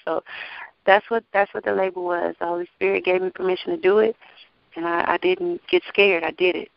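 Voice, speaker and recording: A lively woman singer speaks in an interview with lots of energy, laughing as she talks. The sound is a bit muffled and dull. The room gives almost no echo. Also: lowish voice, brisk, creaky. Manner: animated, testifying, laughs often. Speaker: gospel singer and label owner. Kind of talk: casual interview talk.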